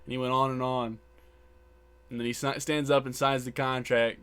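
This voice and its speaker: A man's voice: medium pitch, level tone, normal speed, a bit bright, clear, resonant tone. A man co-hosting a podcast, casually retelling wrestling scenes, acting out quotes and swearing, with repeated words. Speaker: podcast co-host. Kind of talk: casual chat recapping wrestling. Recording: background buzz.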